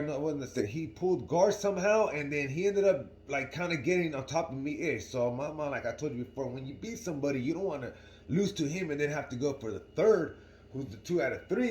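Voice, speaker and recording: A man's voice: mid-range voice, darkish tone, roomy sound, a little hiss or hum. A young man telling a story casually to his viewers in a slangy, rambling way, often asking "right?". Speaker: vlogger.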